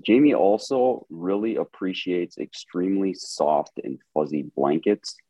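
Very deep husky-voiced man. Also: animated, unhurried, dark tone, no room sound, muffled recording. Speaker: podcast guest. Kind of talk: casual podcast conversation.

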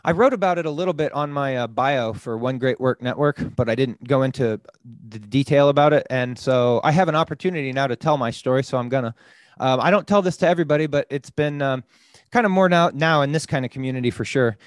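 A podcast host telling a story in casual conversation, animated and swearing freely, often saying "dude". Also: male voice, medium pitch, fast, no room sound.

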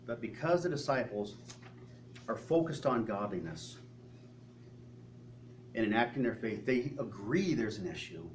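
A man's voice: medium pitch, expressive, unhurried, pauses often. A male pastor preaching a sermon in an earnest manner, asking the congregation many rhetorical questions. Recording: distant mic with faint hum.

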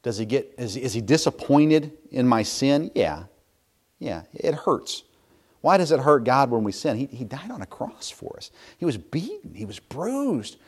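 A man in his thirties preaching a sermon, swinging from loud, emphatic passages to soft, hushed confession. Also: medium pitch, sing-song, measured pace, breathy edge. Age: 30s. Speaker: pastor.

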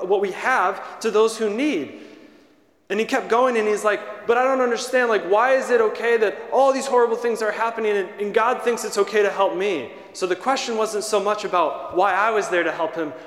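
High-voiced man preaching in echoey church. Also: a bit bright. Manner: storytelling, conversational. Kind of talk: homily to children. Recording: echoey church, long reverb.

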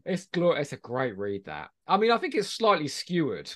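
A man's voice: on the high side, moderate pace. A man co-hosting a podcast, chatting casually about books and acting out quotes in his stories. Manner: animated, acts out quoted people in an anecdote. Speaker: podcast co-host. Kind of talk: casual book discussion.

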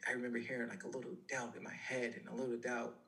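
Guest, male, 30s, gravelly mid-pitched voice, animated storyteller. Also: fast talker. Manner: animated, storytelling, lots of fillers. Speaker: mental health coach, guest. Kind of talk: casual interview talk.

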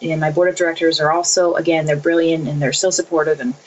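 A woman's voice: sits low, steady tone, quick pace, slight background noise, low-quality recording. A woman in her thirties answering interview questions earnestly, repeating phrases as she speaks about faith and family. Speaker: interview guest.

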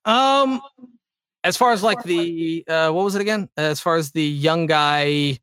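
A man talking as a guest in a casual interview about voice acting, with animated high energy. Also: unhurried, smooth, no echo, studio quality. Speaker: voice actor guest.

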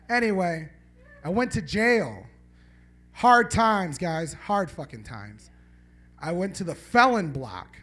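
High, lively-voiced stand-up comedian. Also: male voice. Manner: rambling, profane, bantering with the audience. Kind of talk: live stand-up set with crowd banter. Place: small live comedy venue.

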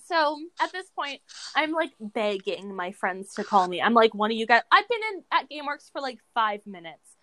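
Animated, swearing woman telling stories. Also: on the high side, normal speed, no echo. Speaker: podcast co-host. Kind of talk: casual chat, storytelling.

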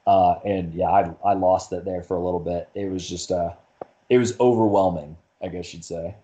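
A man with a low, mellow voice tells his story in a loose, rambling way. He keeps restarting his sentences and filling gaps, like a guest chatting on a podcast. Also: steady tone, moderate pace. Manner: rambling, lots of fillers and restarts. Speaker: podcast guest, marathon runner. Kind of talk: casual conversation.

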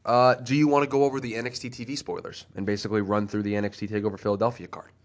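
Fast-talking, excitable male podcast co-host. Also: fairly low pitch. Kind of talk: casual chat.

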